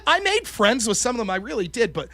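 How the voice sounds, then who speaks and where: A man's voice: very high voice, big pitch swings, fast, crowd noise. A man hosting a podcast, telling a story in casual, profane chat and mocking the people he quotes in put-on voices. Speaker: podcast host.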